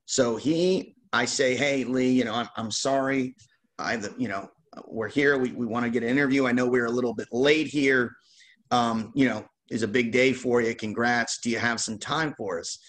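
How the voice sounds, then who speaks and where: A man hosting a card-opening show, telling a lively casual anecdote with laughs. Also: medium pitch, normal speed. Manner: animated, laughing anecdote teller. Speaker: host opening baseball card packs. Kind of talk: casual storytelling.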